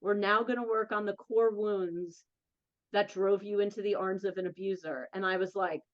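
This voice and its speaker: A woman's voice: medium pitch, fairly even intonation. Earnest woman, slightly lo-fi sound. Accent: New Jersey. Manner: earnest, emphatic, quick bursts of speech. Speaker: interview guest, domestic violence advocate. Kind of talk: candid personal storytelling.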